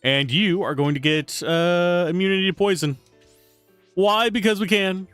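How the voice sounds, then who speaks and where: A man's voice: high-pitched, moderate pace, a bit bright, clean tone, no room sound, faint music behind. A man streaming a game live, chatting casually and joking while reading game text aloud. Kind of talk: casual live gameplay commentary.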